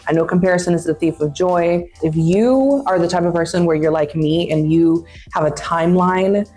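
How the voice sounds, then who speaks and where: A young woman in her twenties talks straight to camera with blunt, playful big-sister candour as she reads viewer questions. Her voice sits a little low and sounds mellow and warm. Faint music plays underneath. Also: normal speed. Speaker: vlogger giving advice. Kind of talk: casual advice chat, reading viewer questions.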